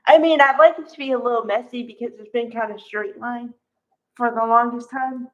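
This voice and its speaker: A woman's voice: a little high, steady tone, fairly quick. A woman casually recapping a soap opera for her viewers, chatty and full of fillers and asides. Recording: dull lo-fi recording.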